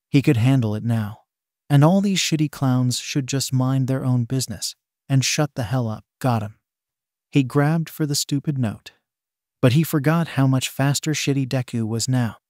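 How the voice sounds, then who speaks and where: A man reading fan fiction aloud in a steady, plain way, swear words and all. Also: medium pitch, no echo, clean studio sound. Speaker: story narrator.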